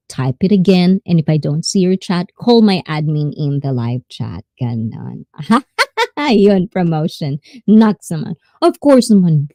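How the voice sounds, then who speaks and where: Lady chatting on her livestream, giggly, mellow lowish voice, dry sound. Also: no room sound. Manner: bubbly, laughs often, switches between English and Tagalog. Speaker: livestream host. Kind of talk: casual livestream chat.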